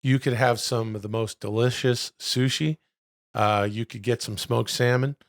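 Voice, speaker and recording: A middle-aged man co-hosting a podcast, telling loud, profane stories with bursts of excitement. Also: mid-range voice, moderate pace, no echo, clean studio sound. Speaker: podcast co-host. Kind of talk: casual podcast chat.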